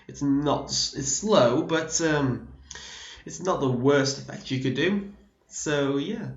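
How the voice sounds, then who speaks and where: A man's voice: fairly high pitch, takes it slowly. A man from the UK talks through a card game deck in a loose, rambling way, often correcting himself mid-sentence. His voice is a little worn, as if he is slightly losing it. The recording sounds dull and roomy, like a home setup. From United Kingdom. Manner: rambling, self-correcting, explanatory. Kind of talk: casual deck profile explanation.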